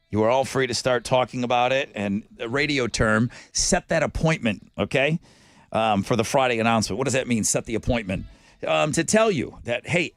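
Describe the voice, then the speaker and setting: A man hosting a morning radio show, talking in energetic, excitable, rambling studio banter. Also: mid-range voice, no room sound.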